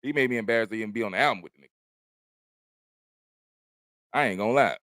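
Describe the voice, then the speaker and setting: Speaking fast in a low voice with a fairly bright tone, this comedian chats on his own stream from home while smoking. He rambles and curses his way through easygoing stories, and the audio has no echo.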